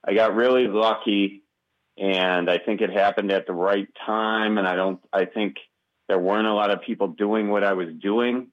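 A man's voice: fairly low pitch, fairly even intonation, moderate pace, dull audio. A man with a Wisconsin accent, a comedian guest talking easily in a casual interview, with lots of fillers. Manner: easygoing, rambling, many fillers.

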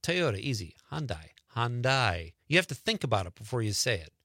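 A man hosting a casual radio show, telling stories in an animated way and often laughing. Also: medium pitch, fast, breathy edge, dry recording, clean studio sound. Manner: animated storyteller, exclaims and laughs. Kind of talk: casual on-air chat.

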